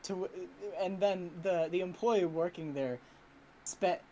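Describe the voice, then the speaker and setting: A podcast co-host with a mid-range voice, telling a story in fits and starts. Sentences restart and trail away softly as the thought wanders. Faint background ambience runs through the recording. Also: mid-range voice, a little hiss or hum, low-quality recording. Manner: halting, restarts often, soft and trailing. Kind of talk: casual chat.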